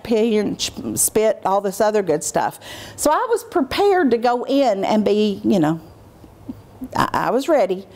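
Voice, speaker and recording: In this training workshop talk, a middle-aged woman is animated throughout. She acts out what she says to children using a lowered, carefully paced voice.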